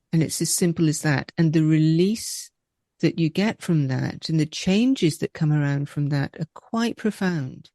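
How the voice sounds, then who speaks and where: A woman co-hosting an interview show, speaking in a warm, reflective way. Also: sits low, measured pace, dry recording, studio quality. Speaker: co-host. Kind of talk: casual interview chat.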